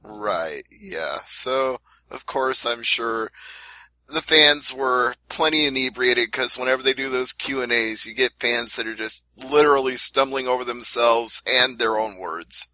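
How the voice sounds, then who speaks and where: A man hosting a casual podcast interview, chatty and quick with follow-up questions. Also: mid-range voice, bright, forceful tone, dry recording, poor audio. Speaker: podcast host.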